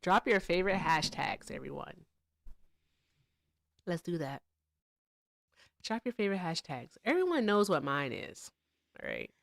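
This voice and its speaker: A woman hosting a casual livestream chat, talking in an animated, sarcastic way and laughing often. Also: fairly low pitch, unhurried, vocal fry, pauses often, no room sound, clean studio sound. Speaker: livestream host.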